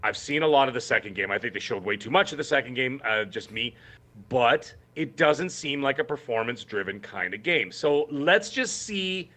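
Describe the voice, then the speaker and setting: A man's voice: mid-range voice, expressive, moderate pace, sharp tone. A man co-hosting a gaming podcast, talking in an emphatic, rambling way with many restarts. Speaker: podcast co-host. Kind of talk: casual podcast chat.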